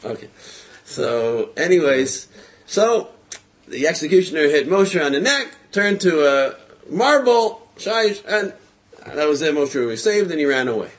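A man telling a religious story in a casual, lively way, with frequent hesitations, fillers and chuckles. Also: a little high, unhurried.

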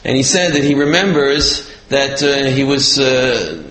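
A man telling a religious lesson as a story, talking haltingly with many fillers and restarts. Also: medium pitch, a crowd in the background. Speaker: religious teacher. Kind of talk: storytelling sermon. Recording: roomy echo.

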